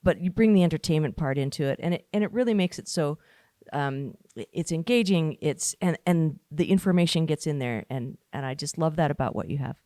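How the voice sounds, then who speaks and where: Woman podcast host, low-set voice, dry close sound, agreeable and chatty. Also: a little fast, no room sound. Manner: warmly agreeing, filler-heavy. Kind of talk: casual podcast conversation.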